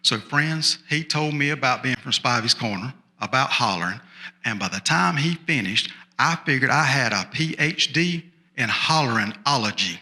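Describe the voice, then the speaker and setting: On a storytelling festival stage, a male storyteller spins a folksy tall tale as a small-town sheriff. His medium-pitched voice is expressive, pushed and bright, at a moderate pace, drawling and chatty with repeated asides to the audience.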